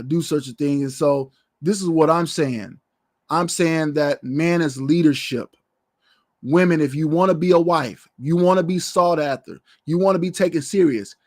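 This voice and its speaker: A man's voice: a little high, no echo, studio quality. A man preaching a sermon as pastor, in a loose, conversational way, often repeating short phrases.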